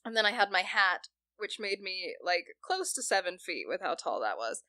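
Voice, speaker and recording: A woman's voice: medium pitch, big pitch swings, moderate pace, sharp tone, dry recording, clean studio sound. A young woman co-hosting a podcast, telling a story in casual chat and laughing often. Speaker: podcast co-host.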